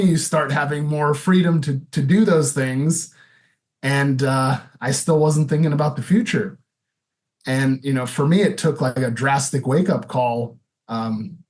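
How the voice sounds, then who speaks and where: A man in his thirties telling his own story as a podcast guest, candid and loose, full of "you know" and "like". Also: medium pitch. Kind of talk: casual interview storytelling.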